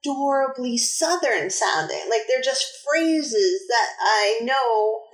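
A woman from New England co-hosts a casual podcast, her fairly high voice leaping all over as she tells a story with lots of emphasis. The room around her rings with noticeable echo. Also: expressive, takes it slowly. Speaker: podcast co-host. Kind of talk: casual chat.

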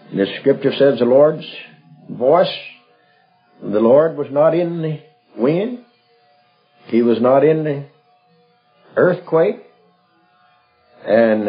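A man teaching from the Bible in a halting, folksy way, with many fillers and restarts. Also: mid-range voice. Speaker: preacher. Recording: dull lo-fi old recording with faint music.

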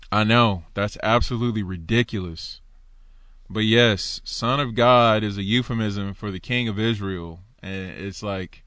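A man gives an informal Bible teaching, animated and conversational, posing rhetorical questions to his listeners and reading scripture passages aloud. His voice is medium-pitched and the recording is dry.

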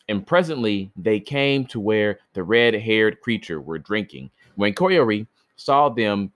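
A man's voice: lowish voice, dry recording, studio quality. A man hosting a podcast, reading a myth aloud and stopping for joking, slangy asides, stumbling over names. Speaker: podcast host reading myths. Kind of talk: myth reading with casual commentary.

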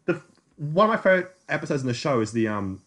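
A man chats on a podcast, teasing his friends and laughing along. His pitch leaps around in a lively, expressive way while he talks. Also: racing. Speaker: podcast co-host. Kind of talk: casual chat.

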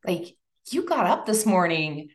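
A woman's voice: fairly low pitch, a little slow. A woman giving a chatty, emotional talk to a live audience. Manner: chatty and emotional, lively asides. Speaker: speaker at a women's event.

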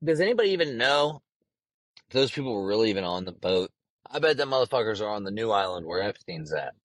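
A man's voice: on the low side, sing-song, fast, a bit bright, no room sound, rough recording. Brash, profane young man on a podcast. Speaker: podcast host. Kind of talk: casual solo podcast monologue.

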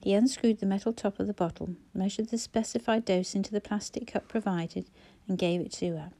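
A woman reading a novel aloud as narrator, calm and measured. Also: medium pitch. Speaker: audiobook narrator. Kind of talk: scripted narration.

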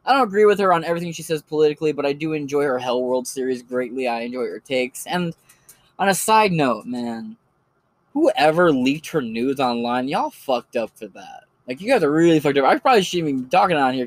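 The recording is dry and the man's pitch is medium as he casually works through recommendations of online creators. He's a channel host doing solo commentary, rambling, profane, and easygoing.

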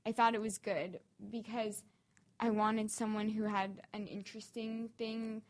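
A woman's voice: mid-range voice, little pitch movement, a little slow. A woman co-hosting a podcast, chatting casually with a dry, sarcastic sense of humor. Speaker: podcast co-host.

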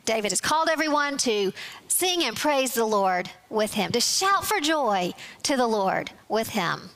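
A woman teaching a Bible study, explaining scripture in a measured way and reading verses aloud. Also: on the high side, sing-song, a bit bright.

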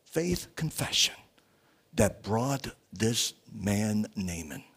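Guy preaching slow at a small church, husky voice, pitch swings up and down a lot, lots of uh and right?. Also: big pitch swings, fairly bright tone. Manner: halting, many pauses and fillers, rhetorical questions to the congregation. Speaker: guest preacher. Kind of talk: sermon.

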